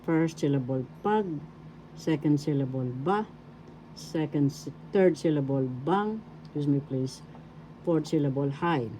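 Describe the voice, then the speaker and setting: A woman's voice: deep voice, measured pace, dark tone. An older woman with a Filipino accent teaching a language lesson, spelling words out by syllable and repeating each one several times. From Philippines. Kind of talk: slow spoken lesson with syllable drills. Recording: faint background noise.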